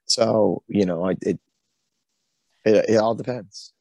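A man's voice: on the low side, slow, gravelly, a little mellow, no room sound. A man with a Boston accent, a pro fighter as the guest, talking casually and rambling with many restarts. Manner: rambling, full of "you know" and restarts. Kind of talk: casual interview talk.

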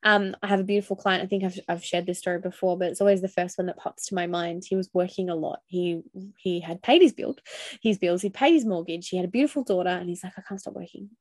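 A woman's voice: lowish voice, steady tone, quick pace, darkish tone, no echo, studio quality. A woman hosting her own podcast alone, talking in a candid, reflective and casual way with the odd swear word. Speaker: podcast host and coach. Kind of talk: solo podcast monologue.

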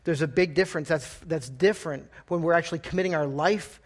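A man's voice: fairly high pitch, brisk. A man preaching a sermon in a conversational, emphatic style and often checking in with the congregation with "right?". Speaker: pastor.

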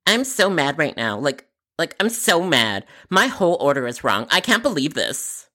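Woman acting entitled angry customer, whiny, indignant, bright sharp tone, lively pitch. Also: normal speed, full character voice.

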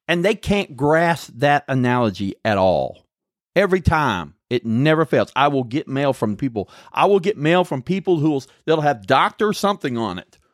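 A man's voice: a little high, no room sound, clean studio sound. A man hosting a podcast, giving a rambling, sarcastic political monologue full of self-corrections. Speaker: podcast host.

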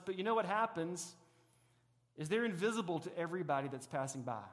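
A man preaching a sermon as a pastor, moving between raised preaching and soft, hushed reflection. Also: sits high, fairly quick. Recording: long hall reverb.

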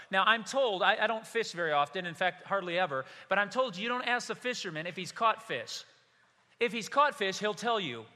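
A man with a high, bright and forceful voice preaches to his congregation, telling a story with humor and acting out the lines. His voice rings through a church hall with a long reverb. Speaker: pastor. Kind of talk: sermon. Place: church sanctuary.

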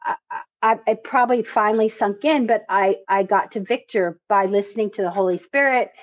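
A woman's voice: mid-range voice, fairly quick, dry recording, dull audio. A woman guest in a casual interview, speaking earnestly and repeating key phrases for emphasis. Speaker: guest, fitness trainer.

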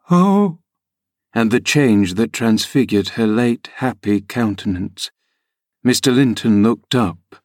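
A man narrating a classic novel as an audiobook reader, with a measured, steady reading. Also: lowish voice, no echo, studio quality. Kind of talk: scripted narration.

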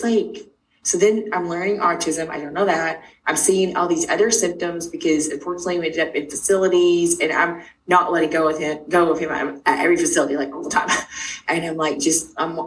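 Animated middle-aged woman telling her story. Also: lowish voice. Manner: fast, emphatic, acts out quoted dialogue. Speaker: guest. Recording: distant mic with faint noise.

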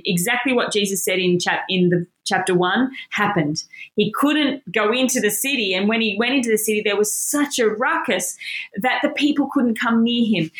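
A woman gives informal Bible teaching in a mid-pitched voice. She reads a passage aloud, then talks it through with eager enthusiasm and frequent self-corrections.

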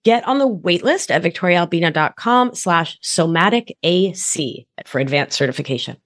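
A woman guest on a podcast, a wellness and somatics coach who talks in an effusive, playful way, dropping soft and then rising to exclaim. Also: on the low side, lively intonation, normal speed. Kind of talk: casual podcast conversation.

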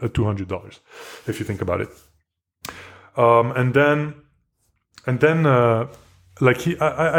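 A young man from Canada hosting a podcast, telling a travel story in a loose, rambling way, with lots of swearing, fillers and restarts. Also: medium pitch. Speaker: podcast host. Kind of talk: casual solo storytelling.

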